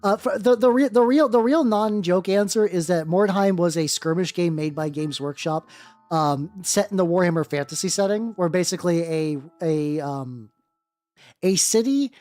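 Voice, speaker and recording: A woman's voice: lowish voice, normal speed, mellow. A woman streaming while she paints miniatures, rambling casually, greeting viewers and swearing now and then. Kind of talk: casual livestream chat. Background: faint background music.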